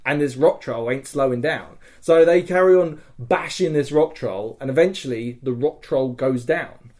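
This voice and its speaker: A man co-hosting a podcast, telling a story in a casual, excitable way, swearing often and acting out other people's lines. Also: medium pitch, moderate pace. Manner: swears a lot, animated retelling with quoted voices. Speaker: podcast co-host.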